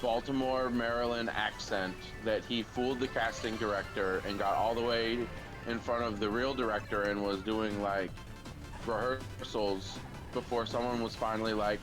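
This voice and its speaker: A man's voice: on the low side, fairly even intonation, moderate pace, over music, rough recording. A man on a game stream telling a rambling story, with casual swearing.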